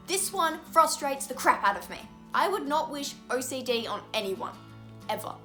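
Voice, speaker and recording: A young woman with a high, bright, ringing voice talks straight to camera, earnest and openly frustrated, leaning on repeated words for emphasis. Soft music plays faintly underneath. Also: big pitch swings, moderate pace. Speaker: vlogger. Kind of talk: explanatory vlog to camera.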